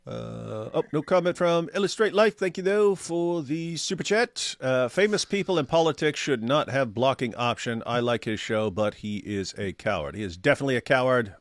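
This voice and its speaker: A man's voice: medium pitch, animated, normal speed, hardly any pauses, dry recording, studio quality. A man co-hosting a casual livestream, reading viewer chat aloud with sardonic humor. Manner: sardonic, mock voices for quoted viewers.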